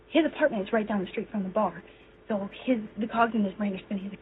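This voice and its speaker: A woman's voice: mid-range voice, fast, background noise. A woman casually telling a story to her viewers in a chatty way, acting out each person's lines. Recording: tinny phone-like sound.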